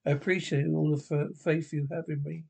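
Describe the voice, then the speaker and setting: A man's voice: on the high side, flat delivery, brisk, creaky, a little mellow, husky. An actor playing a jealous, short-tempered stepfather in a 1960s television drama, talking with sarcastic bite. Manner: sarcastic and cutting.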